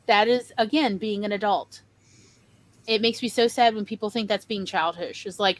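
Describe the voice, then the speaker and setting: Female co-host, fairly high voice, emphatic, animated delivery. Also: brisk. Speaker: podcast co-host. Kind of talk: casual chat.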